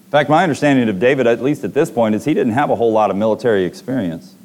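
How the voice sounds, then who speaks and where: A man's voice: medium pitch, racing, a little mellow. A man preaching a sermon to a congregation, reading scripture and retelling stories with dramatic voiced quotes.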